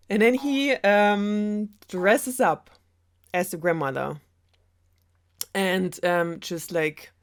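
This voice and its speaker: Chatty German woman retelling fairy tales. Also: on the low side. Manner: chatty, rambling asides with laughs. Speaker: storyteller host. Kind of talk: sarcastic fairy tale retelling.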